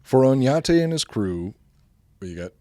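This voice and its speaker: A man hosting a history podcast in blunt, profane, casual chat. His voice is mid-pitched and sounds close and dry, with no room around it. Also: very animated, moderate pace, warm tone, no room sound. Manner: blunt, profane, laughs at his own jokes. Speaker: podcast host.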